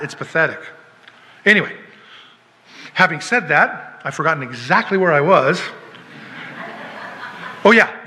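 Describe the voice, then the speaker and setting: A man's voice: sits high, pushed and bright, big-room sound. A man preaching a sermon as pastor, emphatic, firing rhetorical questions and acting out little dialogues.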